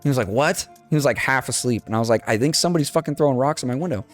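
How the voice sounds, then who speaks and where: A young man co-hosting a podcast races through a casual childhood story in a mid-range voice, cursing freely and animatedly acting out the quoted dialogue. Faint music plays behind him.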